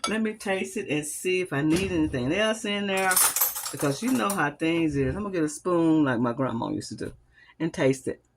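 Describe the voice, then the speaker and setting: A woman's voice: deep voice, lively intonation, moderate pace. A woman hosting a home cooking video, demonstrating a recipe in a chatty, homey way and calling her viewers y'all. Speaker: home cooking channel host. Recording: noisy kitchen with clattering utensils. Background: whisking, dishes and cutlery clinks.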